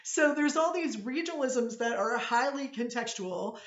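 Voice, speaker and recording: A woman's voice: fairly high pitch, expressive, moderate pace, reverberant, muffled recording. A woman from Pittsburgh with a Pittsburgh accent, giving a chatty, digressive classroom lecture and often checking in with her students. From Pittsburgh, USA. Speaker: college instructor.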